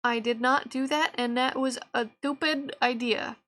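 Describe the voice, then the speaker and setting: A woman's voice: sits high, steady tone, unhurried, fairly bright tone. A woman streamer talking to herself while she works, exasperated and laughing at her own mistakes. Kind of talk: live-stream self-talk while animating.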